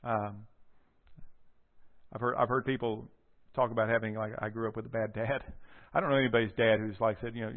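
A man preaching a sermon, retelling a scripture story with animated storytelling and acting out the quoted lines. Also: lowish voice, fairly quick, pauses often. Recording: tinny phone-like audio.

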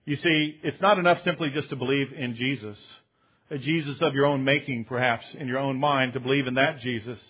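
A male pastor preaching a sermon to his congregation, calling them friends and slowing down to stress key phrases with emphatic conviction. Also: mid-range voice, husky, dull audio. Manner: addresses listeners as friends, with some restarts.

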